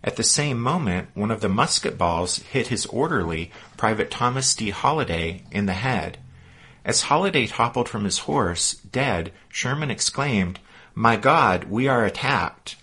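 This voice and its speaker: A man reading scripted historical narration in a measured storytelling manner. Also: on the low side, lively intonation, a bit bright, slightly rough.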